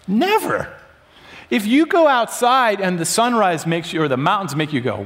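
A man preaching a sermon in a lively, conversational way, often acting out voices in quotes. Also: high voice, moderate pace, long reverb tail. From United States.

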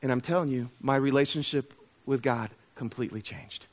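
A man's voice: mid-range voice, brisk. A middle-aged man preaching a sermon in a casual, conversational way, asking the congregation questions and joking at his own expense. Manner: conversational, self-deprecating, asks the congregation questions. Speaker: pastor.

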